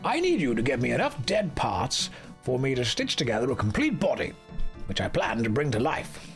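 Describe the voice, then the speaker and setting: A man's voice: medium pitch, huge pitch swings, faint music behind. A man playing a sly, theatrical mad doctor. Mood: scheming. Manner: slow, theatrical, villainous delivery. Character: eccentric mad scientist doctor, older man.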